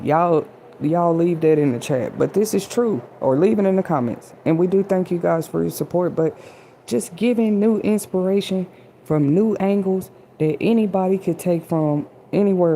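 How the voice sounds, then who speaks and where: A woman's voice: lowish voice, moderate pace, warm tone, slight background noise. A woman hosting an inspirational livestream, talking casually and a bit preachily straight to her chat audience. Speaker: livestream host.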